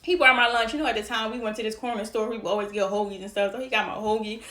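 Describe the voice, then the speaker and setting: A woman's voice: fairly high pitch, racing. Chatty woman telling a story in a roomy echo. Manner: animated, acts out dialogue in the story; chatty, frequent fillers like "like" and "you know". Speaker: storytime vlogger. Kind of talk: casual storytelling.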